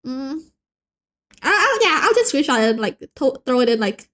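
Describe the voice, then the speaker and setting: A young woman hosting a casual art stream, bantering with her viewers in a playful, animated way. Her voice sits high and swings widely in pitch. She often stumbles and restarts mid-sentence as she talks and draws. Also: normal speed. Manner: playful and animated, joking with chat, frequent restarts. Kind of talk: casual live-stream chat while drawing.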